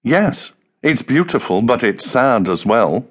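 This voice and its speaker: A male audiobook narrator voicing a sad young woman, speaking softly in a raised, melancholy tone. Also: big pitch swings, takes it slowly, husky, full character voice. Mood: wistful. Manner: soft, melancholy, pitched up. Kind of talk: audiobook character voice.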